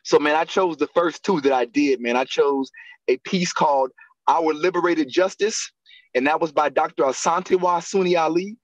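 A man, a guest actor and acting coach, telling animated stories in a casual interview, laughing and acting out the voices of people he quotes. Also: on the high side, normal speed, no room sound, muffled recording.

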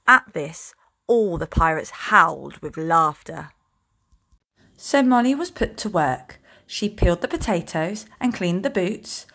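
A teacher reading a children's storybook aloud in a slow, expressive storytelling voice. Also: female voice, fairly low pitch. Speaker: infant school teacher.

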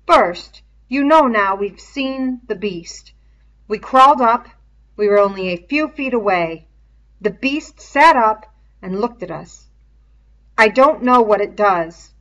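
Woman doing Jack, a loud bossy boy. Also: on the high side, lively intonation, takes it slowly. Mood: domineering. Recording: dull lo-fi recording.

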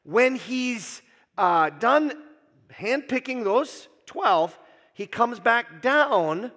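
Guy preaching in church, chatty and jokey, lots of uhs, fairly high voice. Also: animated, extremely slow, bright, forceful tone. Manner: casual, joking, with frequent "uh" fillers. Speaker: pastor. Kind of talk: sermon. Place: church sanctuary. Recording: long church hall reverb.

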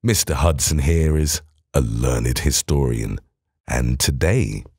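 Sherlock Holmes, a man voicing a low, calm detective. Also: slightly rough, no echo, studio quality, heavily acted. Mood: cool. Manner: low, measured and clipped. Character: cool, precise male detective, calm and dry. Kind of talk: audiobook character voice.

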